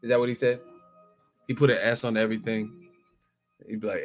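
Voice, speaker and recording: Over faint background music, a boxing channel host with a medium-pitched voice talks in loose, profanity-laced commentary. His delivery is animated, packed with rapid-fire rhetorical questions.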